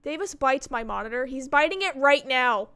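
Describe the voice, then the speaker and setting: A woman's voice: high-pitched, lively intonation, moderate pace, pushed and bright, clean tone. A young woman streaming from home into a desk mic, chatting casually while she plays, telling stories and swearing freely. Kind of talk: casual chat while gaming.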